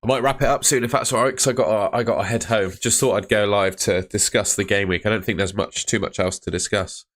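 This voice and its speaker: A young man with a low-pitched voice talks through a live stream. His tone is relaxed and chatty as he answers viewer comments one after another. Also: quick pace, few pauses. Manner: chatty, reads out chat comments. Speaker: fantasy football streamer. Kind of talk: casual live stream chat.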